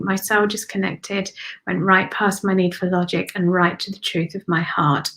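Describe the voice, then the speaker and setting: A woman giving live intuitive card readings, speaking slowly and soothingly, repeating phrases and often dropping to a whisper. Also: mid-range voice, flat delivery, a bit bright, low-quality recording.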